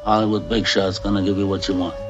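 An actor playing an aging male crime boss who speaks in a hoarse, low murmur, quietly menacing. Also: level tone, quick pace, lo-fi sound, over music, lightly acted. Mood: menacing calm.

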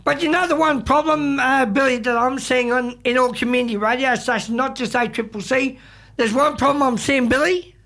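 An Australian man hosting a community radio show, talking in a halting way with lots of fillers and restarts, and full of strong opinions. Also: extremely high pitch, fairly even intonation, gravelly, pushed and bright. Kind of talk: casual radio chat.

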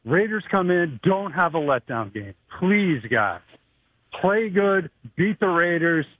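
Excited male caller on a tinny phone line. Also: sits high, slow. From Boston area. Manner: excited, eager sports fan.

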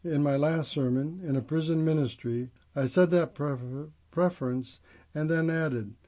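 Older man, reflective storyteller, slightly high pitch, muffled lo-fi sound. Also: normal speed, mellow. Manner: reflective storyteller who acts out quoted dialogue. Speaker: former prosecutor and judge turned clergyman. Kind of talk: first-person storytelling monologue.

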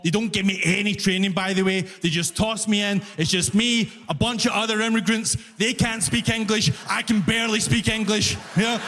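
High-voiced comedian on a reverberant stage. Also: male voice, slight background noise. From immigrant to Canada. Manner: animated storytelling, acts out characters. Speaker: stand-up comedian. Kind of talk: stand-up comedy routine. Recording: live venue reverb, faint crowd ambience.

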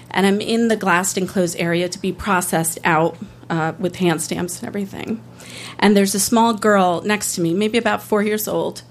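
Woman storyteller, earnest and candid, halting restarts, faint noise under the voice. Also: lowish voice. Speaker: storyteller, public defender. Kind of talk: live first-person storytelling.

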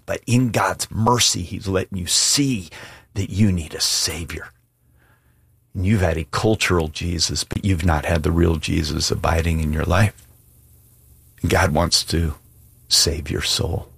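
A man's voice: low-pitched, vocal fry, husky, no echo, studio quality. A male pastor preaching an earnest, emphatic sermon and altar call, plain-spoken with casual asides.

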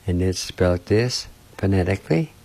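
A man giving a language lesson, sounding out words syllable by syllable in a slow, deliberate, gently encouraging way. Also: sits low, lively intonation, gravelly. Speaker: language teacher.

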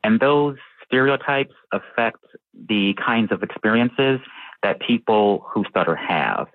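Interview guest, male, low voice, dry sound, calm and measured, light stutter. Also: no room sound. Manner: measured, with fillers and occasional stutters. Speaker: researcher and guest who stutters. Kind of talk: interview answers. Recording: tinny phone-like line.

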